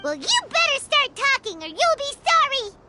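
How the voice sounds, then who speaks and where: A woman voicing a small, excitable, non-human female companion in a game, shouting blunt outbursts. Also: extremely high pitch, moderate pace, very noisy. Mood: threatening. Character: tiny floating female companion, loud and excitable.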